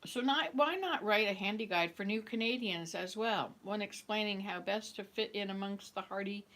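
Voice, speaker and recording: Brief: a chatty woman host reading aloud, mid-pitched, stumbling and correcting herself between bites. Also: normal speed, a bit bright. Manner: talks around a cookie. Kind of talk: casual read-aloud.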